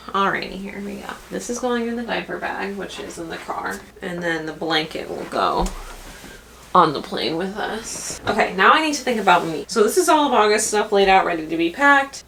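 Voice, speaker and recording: A woman's voice: on the low side, gravelly, a bit bright, slight background noise. Chatty young woman vlogging. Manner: chatty, bubbly, rambling with lots of "like". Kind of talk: casual chat.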